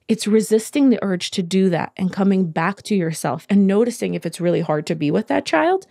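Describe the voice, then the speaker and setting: A woman speaking as a guest coach, her voice at an ordinary middle pitch. She explains things in a steady, emphatic way, circling back to repeat the points that matter most. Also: a little fast, hardly any pauses. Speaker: podcast guest, healing coach. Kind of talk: explaining in conversation.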